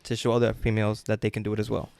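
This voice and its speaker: Smooth-voiced man hosting a podcast. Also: fairly low pitch, racing, dry recording. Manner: relaxed, friendly, short affirmations. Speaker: podcast host. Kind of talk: casual interview.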